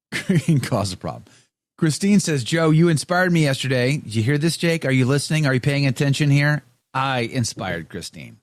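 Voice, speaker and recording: Lively, teasing male show host. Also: medium pitch, moderate pace, no room sound. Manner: playful, teasing, mock-indignant rants. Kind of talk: casual chat reading viewer comments.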